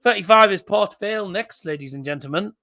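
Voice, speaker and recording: A man hosts a live stream, reading out cup ties one after another and answering the chat between them. His voice sits a little high and sounds bright and forceful, with a casual, conversational delivery. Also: brisk, gravelly. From England. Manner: chatty, reads out fixtures and answers live chat. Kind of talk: live draw commentary.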